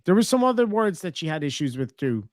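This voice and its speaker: A man's voice: fairly high pitch, big pitch swings, fairly quick, no room sound, clean studio sound. An Irish man chatting on a livestream, swearing often and teasing in casual banter. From Ireland. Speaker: streamer.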